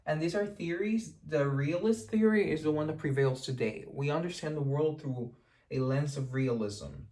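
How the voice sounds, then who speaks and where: This history lecturer and channel host has a fairly high-pitched, warm voice and speaks at a normal speed. His laid-back explanatory lesson is talkative and digressive, sprinkled with joking asides and corrections of himself.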